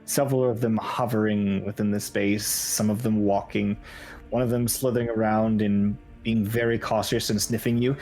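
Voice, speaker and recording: A man narrating as game master in a relaxed, descriptive way, with many fillers. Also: fairly low pitch, moderate pace, soft background music.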